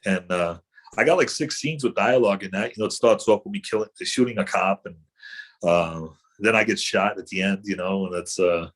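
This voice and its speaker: A man's voice: sits low, brisk. A middle-aged man, an actor guest, telling rambling anecdotes in casual chat with many fillers and restarts.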